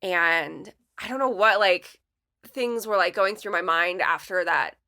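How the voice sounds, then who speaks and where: A woman's voice: lowish voice, measured pace. A woman guest on a podcast, chatting casually and acting out quotes as she tells stories. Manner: animated storytelling, acts out quotes. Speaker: podcast guest, letterpress studio owner. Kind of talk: casual chat.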